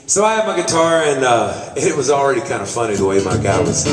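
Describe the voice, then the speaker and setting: A man's voice: mid-range voice, lively intonation, brisk, few pauses, faint music behind. Man telling a rambling story on stage. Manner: easygoing, rambling, with fillers and restarts. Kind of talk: onstage storytelling between songs. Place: college concert hall. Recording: echoey hall, mic far off.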